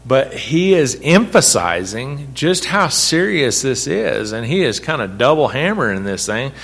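A man's voice: mid-range voice, sing-song, a little slow, vocal fry, a bit bright, breathy edge. A man leading a Bible study, talking conversationally, asking the group questions and repeating his points for emphasis. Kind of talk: interactive sermon teaching.

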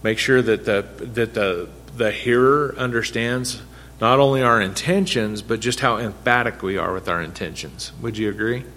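A man's voice: lowish voice, moderate pace, a bit bright. A man leading a Bible study, talking conversationally, asking the group questions and repeating his points for emphasis. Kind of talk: interactive sermon teaching.

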